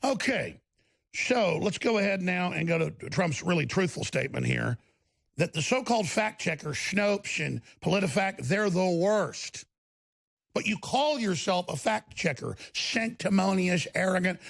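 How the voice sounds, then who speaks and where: A man's voice: sits high, expressive, a little slow, creaky, a bit bright. A man with a Texas accent hosting a political commentary show, ranting in a sarcastic, scornful way.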